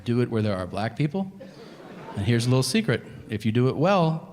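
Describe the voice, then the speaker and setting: A male stand-up comedian in his forties, telling animated, profane stories on a club stage and slipping into voices for the people in them. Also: medium pitch, brisk, in a large hall. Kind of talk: stand-up routine. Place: comedy stage before a laughing audience. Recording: noisy live club recording.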